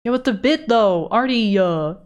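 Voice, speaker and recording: A young adult woman streams herself drawing live and chats casually and self-deprecatingly, now and then swearing and reading chat aloud. Her voice is expressive, fairly high in pitch, and moves at a normal speed.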